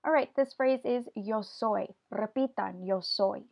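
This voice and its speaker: In a lo-fi classroom video lesson, a woman with a slightly high voice and vocal fry speaks at a measured pace. She teaches Spanish vocabulary patiently, walking through each word step by step before the students repeat it.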